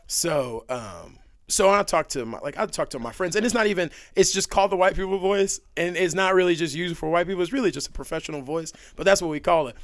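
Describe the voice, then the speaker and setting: A young man on a podcast, telling stories in a casual, animated way, laughing often and leaning on fillers. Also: high voice, a little fast, dry recording, studio quality. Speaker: podcast guest. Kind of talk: casual storytelling chat.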